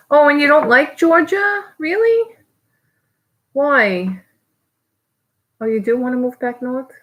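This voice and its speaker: A woman's voice: mid-range voice, low-quality recording. Chatty New York woman live-streaming. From New York area. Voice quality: chatty, rambling, quick to laugh. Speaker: online reseller vlogger. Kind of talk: casual live-stream chat.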